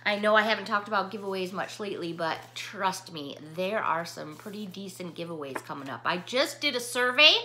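A woman's voice: medium pitch, animated, fairly quick, hardly any pauses, sharp tone, slight background noise. A middle-aged woman vlogging casually, effusively thanking viewers for cards between bursts of frustration. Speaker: YouTube vlogger. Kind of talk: casual chat showing mail to viewers.

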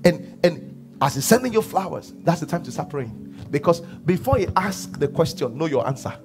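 A Nigerian pastor preaches a sermon to his church in a high, bright, animated voice at normal speed. He asks questions and answers them himself, dropping into hushed asides before rising to shouts, with faint music playing underneath.

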